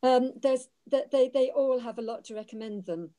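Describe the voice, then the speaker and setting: A woman panellist on a botany webinar, talking in an enthusiastic but halting way and repeating words. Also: sits high, mellow. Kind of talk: casual webinar answer.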